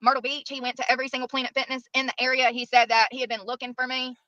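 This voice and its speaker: A woman's voice: sits high, flat delivery, racing, sharp tone, no echo. A woman vlogging from her car, talking in an aggrieved, complaining way. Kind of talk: vlog monologue. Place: car in a gas station parking lot. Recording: dull lo-fi clip audio.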